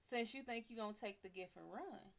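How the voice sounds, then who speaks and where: A woman's voice: mid-range voice, brisk, gravelly, close to an everyday voice. Woman playing vengeful god Apollo, crude and cursing. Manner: crude, mocking, then coldly cursing. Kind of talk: livestream storytelling.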